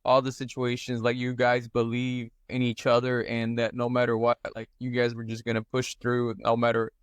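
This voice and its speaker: A man speaking earnestly on a casual group call, halting with many fillers. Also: medium pitch, monotone, clear, resonant tone, no echo. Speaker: mastermind group member.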